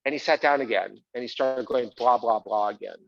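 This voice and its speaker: A man tells his own story in a chatty, self-mocking solo stage monologue. His voice sits mid-pitch for a man. The live theater recording sounds dull and muffled. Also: brisk, gravelly. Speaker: solo performer.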